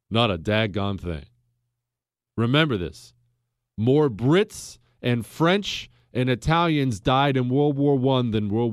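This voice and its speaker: An American man hosting a casual history talk, folksy and emphatic, with his pitch and pace swinging widely as he makes a point. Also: dry recording, clean studio sound. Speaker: podcast host.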